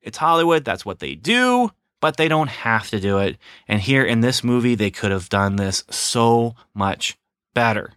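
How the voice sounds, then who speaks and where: A man's voice: lowish voice, very animated, a little slow, a bit bright, clean tone, no room sound, studio quality. A middle-aged man giving a rambling, sarcastic casual film review. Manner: rambling, sarcastic, lots of fillers and restarts.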